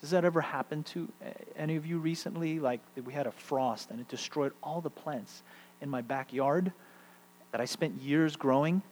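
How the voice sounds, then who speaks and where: A middle-aged man preaching a sermon, shifting between loud emphatic peaks and hushed, quiet stretches. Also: on the high side, moderate pace. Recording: long hall reverb, faint mains hum.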